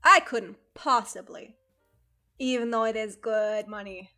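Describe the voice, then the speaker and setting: A woman's voice: fairly high pitch, a little slow, sharp tone, faint music behind. A young woman streaming from home, chatting casually, laughing often and swearing freely. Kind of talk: casual chat.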